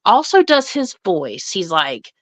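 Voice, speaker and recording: A woman's voice: mid-range voice, sing-song, slow pace, dry recording. A woman, a psychic medium guest telling a story in casual chat, earnest and emphatic. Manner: earnest, emphatic retelling with frequent restarts.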